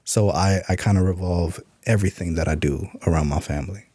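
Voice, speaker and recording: A man's voice: low-pitched, a little fast, dark tone, dry recording. A middle-aged man, an author, telling stories in a laid-back casual interview. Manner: laid-back, acts out quoted voices in stories. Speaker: author and podcast guest.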